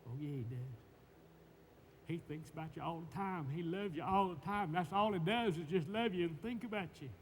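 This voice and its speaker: A man preaching a sermon, stammering and repeating words in folksy, emphatic speech that swings from loud to hushed. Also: high-pitched, brisk, few pauses. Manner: emphatic, swinging between shouts and hushed tones. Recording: long reverb, faint background noise.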